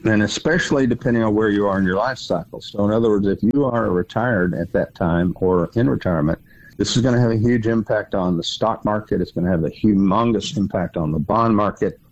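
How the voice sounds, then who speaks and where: Emphatic low-voiced man, lo-fi sound. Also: fairly quick, a little hiss or hum. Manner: emphatic, repeats words for stress. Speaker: financial radio show host. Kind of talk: casual explanatory talk.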